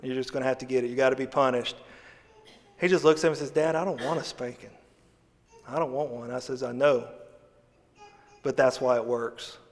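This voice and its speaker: A man preaching a sermon as associate pastor, folksy and humorous, swinging between loud emphasis and quiet asides. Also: medium pitch, fairly even intonation, fairly quick, pauses often. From Missouri, USA. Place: church sanctuary. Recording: long church reverb.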